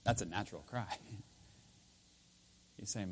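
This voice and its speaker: A man preaching a sermon as pastor in a church, swinging between loud emphatic lines and quiet intense ones. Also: on the low side, lively intonation, normal speed, a little hiss or hum. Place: church with speakers.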